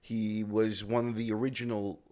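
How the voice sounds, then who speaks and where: A man appearing as a comedian guest on a podcast, with a somewhat low voice. He tells stories haltingly and keeps restarting his sentences. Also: little pitch movement, dark tone. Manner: halting storyteller with many restarts. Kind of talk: casual chat.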